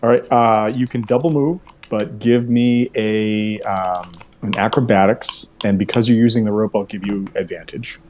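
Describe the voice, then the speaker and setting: Mellow-voiced man running a tabletop game. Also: fairly low pitch, steady tone, normal speed, few pauses, slight background noise. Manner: easygoing, full of fillers and self-corrections. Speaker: game master.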